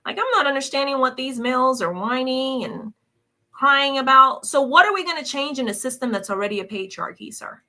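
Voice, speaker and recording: A woman's voice: high voice, lively intonation, a little fast, bright, forceful tone. A woman hosting a reaction commentary, talking in a scornful, combative way and repeating her questions mockingly. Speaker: commentary host reacting to clips.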